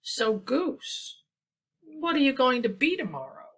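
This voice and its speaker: A woman's voice: sits high, very animated, slow pace, fairly bright tone, distant mic, pitched above the performer's own voice, heavily acted. A woman voicing a cheerful, easygoing male duck in a storybook read-aloud.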